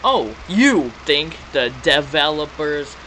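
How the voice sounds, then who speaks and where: A man voicing a sinister demonic game villain, reading its lines in a slow, drawn-out menacing way. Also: fairly high pitch, very animated, noisy background.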